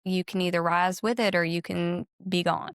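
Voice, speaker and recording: A woman guest on a spiritual podcast, speaking calmly and affirmingly. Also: lowish voice, normal speed, smooth, no room sound, clean studio sound. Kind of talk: casual spiritual chat.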